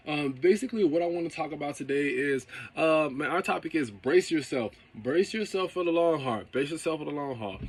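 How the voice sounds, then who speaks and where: A man's voice: medium pitch, fairly bright tone. A man who runs a car detailing business, giving a casual motivational talk and often checking in with "okay?" and "right?".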